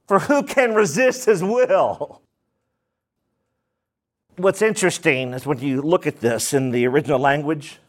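High-voiced man preaching slowly. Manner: preaching with dramatic rises and drops, acting out prayers. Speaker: pastor. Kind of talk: sermon.

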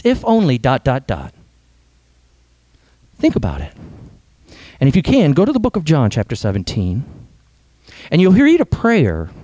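Earnest male preacher with a dark tone. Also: medium pitch, no echo. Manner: earnest, emphatic preaching with dramatic pauses. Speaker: pastor. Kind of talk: sermon.

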